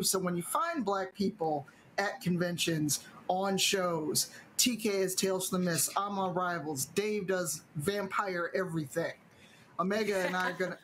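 A woman's voice: mid-range voice, a bit bright, slight background noise, low-quality recording. Emphatic, wry middle-aged woman on a call. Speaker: panelist. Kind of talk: casual panel discussion.

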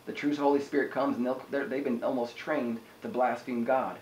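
A man preaching a sermon in an energetic, conversational way, often asking the listeners "amen?". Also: medium pitch, normal speed, roomy sound, a little hiss or hum, rough recording. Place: house church room.

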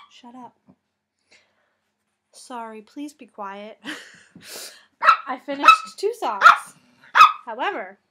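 A woman's voice: fairly high pitch, very noisy. A tired woman hosting a casual knitting vlog from home, chatty and rambling, going off on tangents and laughing at her own mistakes. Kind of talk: casual chat. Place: at home with a cat on her lap.

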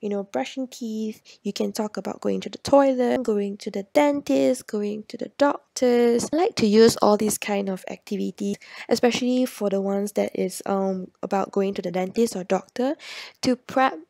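Woman educator, patient parent-coaching delivery with bouncy counting bits, gravelly texture, dry close sound. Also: mid-range voice, moderate pace, dark tone, no room sound. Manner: clear and patient, with sing-song counting demonstrations. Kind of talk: instructional talk to parents.

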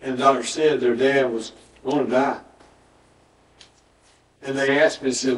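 Unhurried and given to long pauses, a pastor preaches at an ordinary middle pitch, telling stories by acting out dialogue and repeating words for emphasis. The sound, caught in a church sanctuary, is roomy and a little distant.

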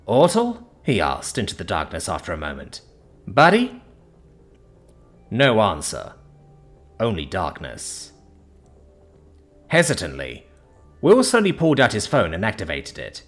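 A man reading a science fiction story aloud as narrator, in dramatic, expressive storytelling. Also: deep voice, normal speed, long pauses, faint music behind. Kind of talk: scripted narration.

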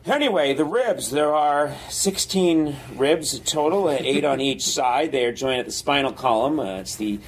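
A man voicing a nervous anthropology professor, lecturing dryly and breaking into high shrieks of fright. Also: animated, normal speed, few pauses, a little hiss or hum, low-quality recording.

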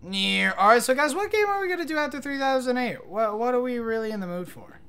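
A man's voice: extremely high pitch, animated, fast, pushed and bright, clean tone, soft background music. A young man streaming games, chatting casually with his viewers in a rambling, profane, joking way. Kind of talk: casual livestream chat while gaming.

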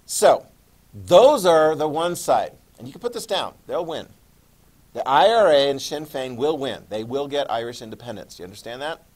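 A man's voice: medium pitch, big pitch swings, moderate pace, a little mellow. A man teaching a history class, talking casually and checking in with his students often. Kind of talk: classroom lecture.

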